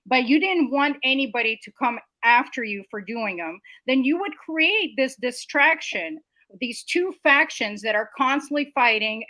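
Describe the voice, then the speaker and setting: A woman's voice: high voice, bright, forceful tone, no room sound, low-quality recording. A woman hosting a political commentary show, making emphatic, indignant points in long lists. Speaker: show host.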